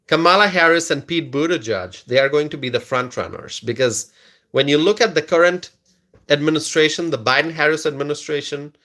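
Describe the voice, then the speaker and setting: A man's voice: fairly high pitch, brisk, sharp tone. Chuckling man hosting a live stream. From United States. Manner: laughs often, repeats words, reads chat aloud. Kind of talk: casual political live stream commentary.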